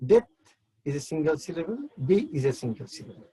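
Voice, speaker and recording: A man's voice: a little high, sing-song, brisk, warm tone, husky, low-quality recording. A man teaching an online English literature class, explaining step by step and repeating words as he counts syllables.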